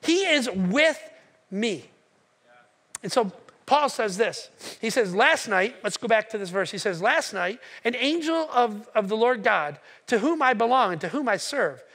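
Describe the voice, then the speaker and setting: A man preaching a sermon with emphatic repetition, dropping to a hush for quoted words. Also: sits high, lively intonation, a little slow. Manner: emphatic, repeats phrases, drops to hushed tones for quotes. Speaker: pastor.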